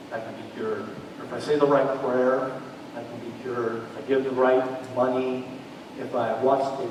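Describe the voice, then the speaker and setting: A man preaching a sermon as a pastor, animated and storytelling, acting out the people he quotes. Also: medium pitch, noisy background. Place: large church hall. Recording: echoey church hall, mic far off.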